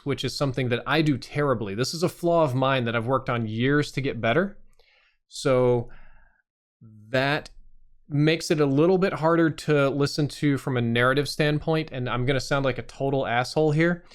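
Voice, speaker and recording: A man hosting a live stream, reviewing channels with blunt, casual and sometimes profane critique. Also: medium pitch.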